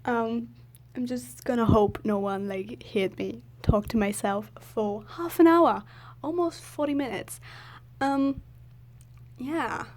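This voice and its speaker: A woman's voice: on the high side, takes it slowly, darkish tone. A woman telling a story in a casual, rambling voice-over, filling her talk with "like" and giggling often. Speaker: video creator.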